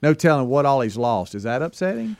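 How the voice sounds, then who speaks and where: Man on talk radio, teasing and methodical, middle pitch, dry studio sound. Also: very animated, brisk, dry recording. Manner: teasing, laying out arguments. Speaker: radio show co-host. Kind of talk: casual talk radio banter.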